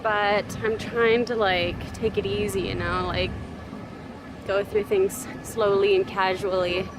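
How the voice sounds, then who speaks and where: A young woman talks casually into a handheld camera as she strolls outdoors, her chatty, rambling speech full of fillers. Loud street traffic and city noise fill the background. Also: medium pitch, level tone, takes it slowly. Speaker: travel vlogger. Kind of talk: casual walking vlog.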